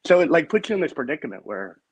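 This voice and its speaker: A man's voice: a little high, very animated, racing, rough recording. A man co-hosting a sports podcast in casual chat, blunt and opinionated. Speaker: podcast co-host.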